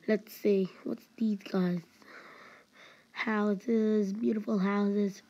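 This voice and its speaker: A woman giving excited, meandering commentary while playing a game, full of fillers and exclamations. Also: medium pitch, drawn-out words, dull audio. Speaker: gameplay streamer. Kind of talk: gameplay commentary.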